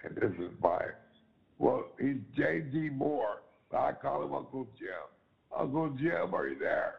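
Slow, gravelly man hosting with gusto. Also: medium pitch, very animated, muffled recording. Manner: enthusiastic, repeats himself, calls the audience ladies and gentlemen. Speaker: show host. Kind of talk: animated online talk show hosting.

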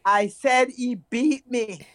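Animated jamaican woman telling stories. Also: fairly high pitch, slow. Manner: animated storytelling, laughs often. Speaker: guest. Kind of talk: casual chat.

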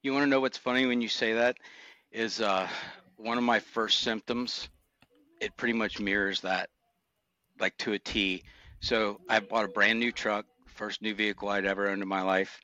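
A man speaking in a bright, forceful voice that stays flat and even in pitch. He recounts his police years earnestly and reflectively, close to a dry microphone. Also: normal speed, muffled recording. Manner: earnest, reflective, emotional recollection. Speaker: retired motor cop guest. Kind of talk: candid interview storytelling.

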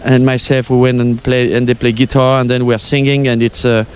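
A man's voice: medium pitch, little pitch movement, brisk, a little hiss or hum. Older French-accented man, outdoors. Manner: hesitant, many fillers, playful. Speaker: former tennis pro interviewee. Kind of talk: casual interview.

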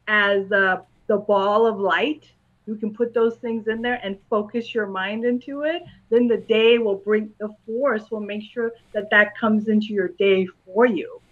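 A woman with a fairly high voice answers interview questions in a calm, patient way. She explains ideas in simple words for a young listener. The recording sounds dull and lo-fi. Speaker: guest, school psychologist and clairvoyant.

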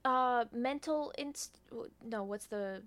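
Bright-voiced woman cracking jokes. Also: on the high side. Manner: quick jokey interjections. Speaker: podcast co-host listening and reacting. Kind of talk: casual chat.

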